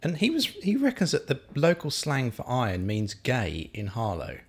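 A man's voice: mid-range voice, huge pitch swings, normal speed, slightly rough. A man from Essex, a comedian chatting casually, asking questions and telling anecdotes. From Essex, England. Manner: easygoing, asks questions, tells anecdotes. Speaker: stand-up comedian. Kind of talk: casual chat.

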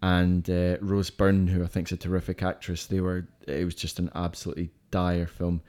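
Low-voiced man chatting about films. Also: flat delivery, normal speed, darkish tone. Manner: rattles off lists of film titles, enthusiastic, with fillers. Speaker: podcast co-host. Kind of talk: casual film chat.

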